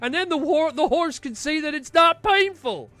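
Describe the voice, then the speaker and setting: A man's voice: very high-pitched, lively intonation, moderate pace, pushed and bright, no room sound, full character voice. A man voicing a pompous, reckless male gang leader who talks in a bossy, smug, dismissive way.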